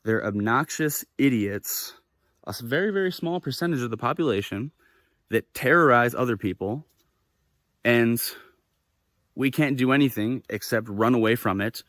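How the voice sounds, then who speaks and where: A young man telling a story in a casual vlog, animated and swearing freely as he acts out the quoted voices. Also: mid-range voice, moderate pace, dry recording, clean studio sound. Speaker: vlogger. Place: living in Japan.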